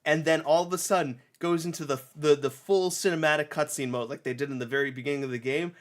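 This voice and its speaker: A young man hosting a casual review chat, retelling a game's story with lively acted-out snatches of dialogue. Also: a little high. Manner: animated, acts out characters in quick snatches, many restarts. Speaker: game reviewer. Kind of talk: casual podcast chat, retelling a game plot.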